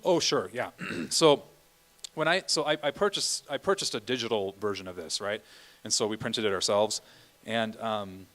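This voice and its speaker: A man's voice: lowish voice, moderate pace, fairly bright tone. A man leading a church choir rehearsal, explaining the music patiently and often checking in with the singers. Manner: explanatory, keeps checking in with "okay?". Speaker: choir director. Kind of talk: rehearsal instruction.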